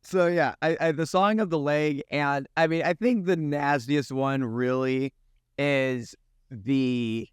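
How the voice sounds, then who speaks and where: A man's voice: on the high side, slow pace, clean tone, no room sound, studio quality. A man in a casual movie review chat who halts and searches for his words.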